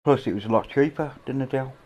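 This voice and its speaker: A middle-aged man with an English accent, hosting a casual livestream chat from a home, rambling and offhand with casual swearing, on a boom-mounted mic. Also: quick pace, a little mellow, lo-fi sound. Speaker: livestream host. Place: indoors at a home. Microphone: boom-mounted microphone.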